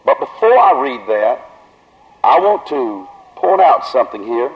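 A man with a Southern accent preaching at a tent revival, drawing his words out slowly and then rising to loud emphasis. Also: mid-range voice, big pitch swings. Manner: slow, drawn-out delivery that builds to raised emphasis. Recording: dull lo-fi old recording.

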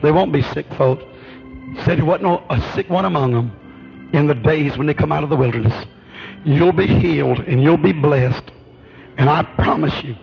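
A man preaching, his voice sitting high for a man. He drives each point home with an emphatic, rhythmic cadence. The recording sounds dull and lo-fi. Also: vocal fry. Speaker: pastor. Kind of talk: sermon.

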